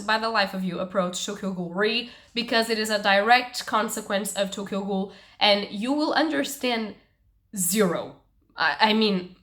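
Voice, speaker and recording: A young woman talks through her month's reading in a casual vlog. She gushes and gets openly expressive, and her talk is frank, with casual swearing. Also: medium pitch. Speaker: book vlogger. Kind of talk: casual book review monologue.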